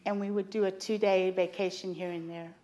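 A woman's voice: mid-range voice, flat delivery, a little fast, mellow. A middle-aged woman preaching a sermon in church, telling personal stories in a humorous, confiding way. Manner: humorous, confiding storytelling with laughs.

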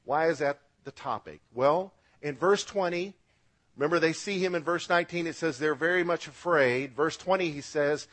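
A man's voice: a little high, normal speed, a bit bright. A man preaching a radio sermon as pastor, with emphatic rises and drops, asking the congregation to repeat words after him.

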